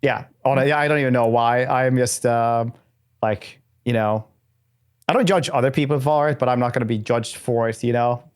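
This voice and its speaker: A man from mainland Europe co-hosts a casual gaming podcast. His voice sits at a middle pitch. He talks hesitantly and often restarts his sentences. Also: normal speed, clear, resonant tone. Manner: hesitant, many fillers and restarts. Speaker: podcast co-host.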